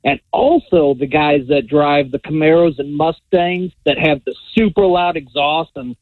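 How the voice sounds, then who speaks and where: Guy phoning in, lively up-down voice, tinny phone line. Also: a little high, a little slow, no room sound. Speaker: caller. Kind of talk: phone-in call.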